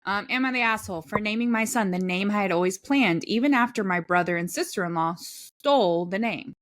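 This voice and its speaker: A woman's voice: mid-range voice, fairly bright tone. A woman co-hosting a podcast, chatting casually, laughing often and reading posts aloud. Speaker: podcast co-host.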